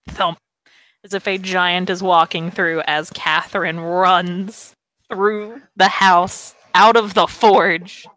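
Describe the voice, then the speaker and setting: Slow, deliberate woman game master. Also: medium pitch, a bit bright, poor audio. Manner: slow, deliberate, descriptive narration. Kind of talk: narrating a tabletop game.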